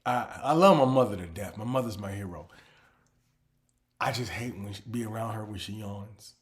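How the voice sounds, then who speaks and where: A man hosting his own comedy show, ranting animatedly about pet peeves, dropping to low mutters and then bursting out loud. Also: normal speed. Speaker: comedian host. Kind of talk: comedic monologue.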